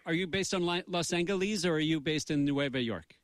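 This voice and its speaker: A man's voice: fairly high pitch, a little fast, no room sound. A middle-aged man co-hosting a radio show, joking around in goofy, mock-pompous banter.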